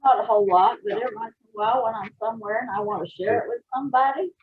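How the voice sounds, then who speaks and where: A woman's voice: a little high, rapid-fire. A woman with an Oklahoma accent answering interview questions with short replies and frequent giggles. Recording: dull lo-fi sound.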